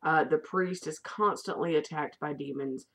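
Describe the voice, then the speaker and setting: A woman's voice: low-pitched, normal speed, slightly rough. A woman vlogger in casual, rambling chat reviewing a favorite movie, with the odd casual swear.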